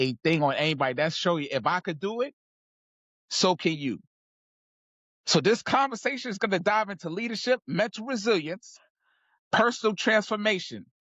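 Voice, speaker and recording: A man's voice: fairly high pitch, a bit bright, no room sound, dull audio. A man hosting a podcast, pumping up the audience and talking straight to the listeners in a hyped style. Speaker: podcast host. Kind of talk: energetic podcast intro and chat.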